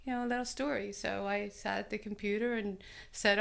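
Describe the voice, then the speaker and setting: A woman guest on a talk show with a gravelly, creaky edge to her voice. She talks in a halting, casual way, pausing and searching for words. Her pitch sits in an ordinary middle range. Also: fairly even intonation. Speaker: guest, singer and actress.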